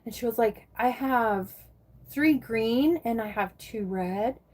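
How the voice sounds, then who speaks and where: A woman's voice: on the high side, slow pace, a little mellow. A woman from the United States chatting casually on a livestream, answering viewers by name and swearing freely. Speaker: live streamer chatting with viewers.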